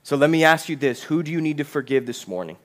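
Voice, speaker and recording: A male pastor with a fairly high, animated voice delivers a conversational sermon. He reads scripture aloud, poses questions to the congregation, and slows down to emphasize points.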